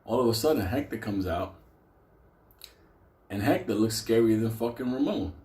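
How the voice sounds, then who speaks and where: A man's voice: lively intonation, moderate pace, a little mellow, echoey room. A man telling a rambling, profane comic story about his own past, often breaking into laughter. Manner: profane, laughs often, raises his voice high for quoted lines.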